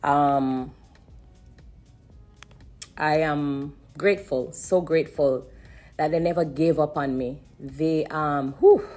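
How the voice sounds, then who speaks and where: A woman giving an earnest personal testimony on a live stream, repeating herself and pausing to hold back tears. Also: deep voice, soft background music. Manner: earnest and repetitive, stopping to steady herself. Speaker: singer sharing a personal testimony.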